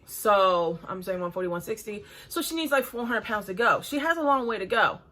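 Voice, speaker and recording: Blunt, breathy woman in her forties. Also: medium pitch, animated, brisk, bright, forceful tone. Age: 40s. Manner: blunt, critical, chatty. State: breathing hard. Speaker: reaction video host. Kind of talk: casual reaction commentary.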